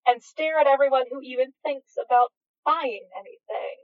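A woman's voice: sits high, normal speed, natural voice. A woman voicing a lazy, sardonic male demon with a dry, drawling manner. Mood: teasing. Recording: dull, dry, lo-fi.

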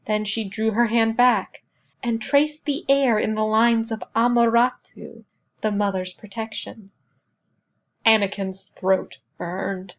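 A woman reading a novel aloud as narrator, in a measured, even storytelling manner. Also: a little high, highs cut off. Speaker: audiobook narrator. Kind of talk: scripted narration.

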